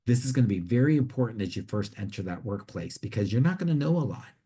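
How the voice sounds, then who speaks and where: A man's voice: medium pitch, very animated, fast, mellow, breathy edge. A man giving career advice to students in a conversational way, often restarting and repeating words as he explains. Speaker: career coach. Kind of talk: instructional talk to students.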